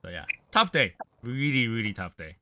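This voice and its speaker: A man's voice: mid-range voice, sing-song, normal speed, pushed and bright, a little hiss or hum. A man hosting a casual livestream chat, rambling in a gloomy, offhand way and swearing now and then. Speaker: livestream host.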